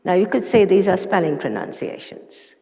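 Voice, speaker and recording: A woman's voice: lowish voice, big pitch swings, normal speed, dark tone. A woman giving an academic lecture with dry humor and casual asides in a large lecture hall. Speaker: conference lecturer. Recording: long reverb of a lecture hall.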